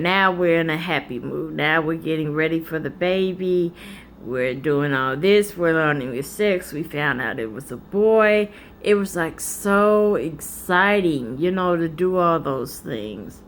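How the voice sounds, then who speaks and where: A woman vlogger telling a personal story in a candid, animated, colloquial way. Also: deep voice, measured pace, slight background noise.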